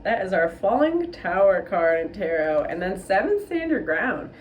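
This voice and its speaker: A woman giving a casual tarot forecast, speaking in a blunt, animated way and swearing freely. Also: medium pitch, normal speed, slight background noise. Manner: blunt, profane, animated and candid. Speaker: tarot reader.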